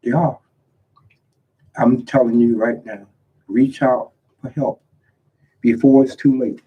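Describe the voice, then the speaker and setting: A man's voice: mid-range voice, steady tone, slow, breathy edge. A man, an author, reading his own poems aloud and talking earnestly about them, in a dull lo-fi recording. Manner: reads his own poems aloud with rising emotional emphasis. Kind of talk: earnest spoken reading and commentary.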